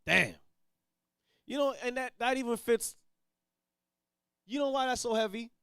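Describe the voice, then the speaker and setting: A man with a very high voice teaches from scripture in a blunt, street-style way. He drops to quiet asides, then rises to loud declarations. The sound is dry and close, with no room echo. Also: measured pace, gravelly, clear, resonant tone. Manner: blunt, preachy, swings from mutters to shouts. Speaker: teacher leading a Bible reading.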